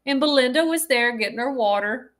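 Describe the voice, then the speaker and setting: A woman's voice: high-pitched, expressive, brisk, fairly bright tone. A woman co-hosting a podcast, telling a story in a casual way and laughing often as she goes. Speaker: podcast co-host.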